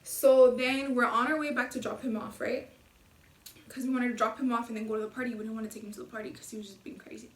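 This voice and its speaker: Young woman, high-pitched, lively storyteller who swears a lot, recorded in an echoey room with the mic set back. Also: fast talker, far from the mic. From Los Angeles area. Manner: animated, swears a lot, acts out the men's voices. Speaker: vlogger telling a story. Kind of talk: casual storytime.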